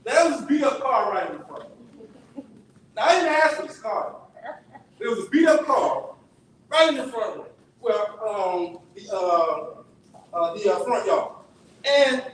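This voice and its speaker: A man with a high voice tells a story from the pulpit in an easy, conversational way, checking in with his listeners often. He is heard from a distance in a very echoey church sanctuary. A faint hiss sits under the recording. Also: sing-song, unhurried, long pauses, fairly bright tone. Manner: conversational, asks the audience "right?" often. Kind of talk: sermon-style storytelling.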